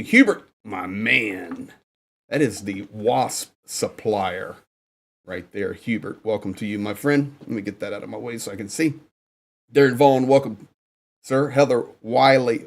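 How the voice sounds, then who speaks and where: A man hosting a casual livestream from Ukraine, reading out viewer names and greeting them one by one. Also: medium pitch. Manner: upbeat, reads out viewer names and shout-outs. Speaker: livestream host. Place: indoors in Ukraine.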